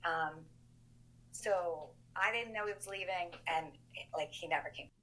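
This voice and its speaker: A woman, the older sister of a missing man, recounting events in an interview in an emphatic, animated way. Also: lowish voice, measured pace, poor audio.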